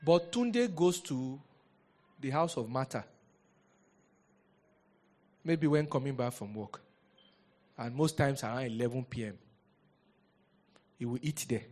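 A man preaching a sermon as a pastor, lively and rhetorical, often asking the congregation questions. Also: medium pitch, slow pace, pauses often.

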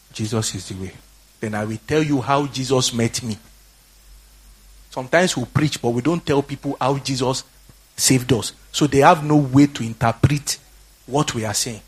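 A Nigerian man preaching a fiery, exhorting sermon that swings from quiet talk to shouting. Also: mid-range voice, slightly rough. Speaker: pastor.

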